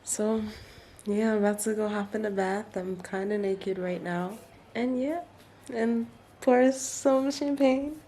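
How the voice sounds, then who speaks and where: Slow and dark-toned, her mid-range voice comes through with a bit of hiss or hum. She's a Trinidadian vlogger in her early twenties, chatting casually and filling her speech with fillers while on holiday at a Jamaican resort.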